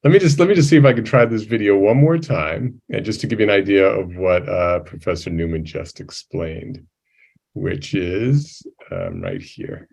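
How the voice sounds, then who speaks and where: A man with a low, gravelly voice hosts a panel over video call. He asks long, rambling questions, restarting and filling gaps as he goes. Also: expressive, moderate pace, a little mellow. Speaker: moderator.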